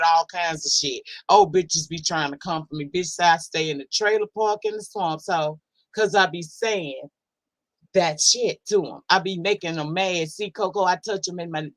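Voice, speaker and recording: A woman's voice: lowish voice, no echo. Woman, livestream host, blunt and cussing, sassy, drawled emphasis, dry close sound. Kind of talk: casual livestream talk, reading chat comments.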